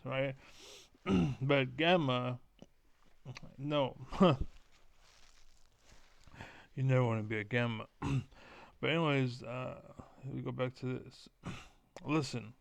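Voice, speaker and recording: A man streaming a casual, profane rant that rambles, with filler words repeated over and over and the throat often cleared. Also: mid-range voice, a little slow, pauses often, no room sound.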